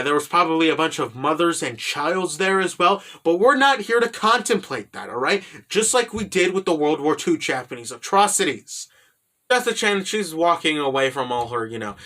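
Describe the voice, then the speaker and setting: A man's voice: fairly high pitch, sharp tone. A man giving a rambling, profane, casual recap of an anime, filled with "you know" and "right?".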